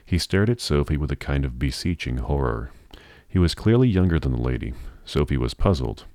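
A man narrating a novel in a measured, even storytelling manner. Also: rumbling low, vocal fry, no echo. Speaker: audiobook narrator.

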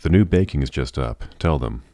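Guy doing a cheeky young baker boy, breezy, deep and dry. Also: animated, moderate pace, gravelly, dark tone, no echo, exaggerated voice. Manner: breezy, friendly.

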